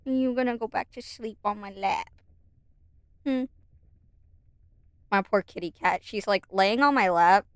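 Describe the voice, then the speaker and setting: A woman's voice: mid-range voice, animated, unhurried, long pauses, a bit bright, smooth, dry recording, clean studio sound. A woman doing casual reaction commentary at home into a desk mic, chatty and sarcastic, stopping now and then to talk to her cat. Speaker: commentary YouTuber. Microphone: desk microphone.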